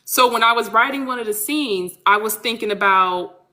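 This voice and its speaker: A woman author in casual podcast chat, animated and blunt, speaking. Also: a little high, normal speed. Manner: animated, blunt, swears freely. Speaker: author guest.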